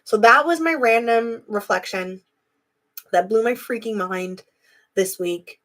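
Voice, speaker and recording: A woman's voice: a little high, a little slow, a bit bright. Chatty woman hosting a live stream. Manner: chatty, reflective, addresses viewers directly. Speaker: host of a live video. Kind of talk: casual live-stream talk.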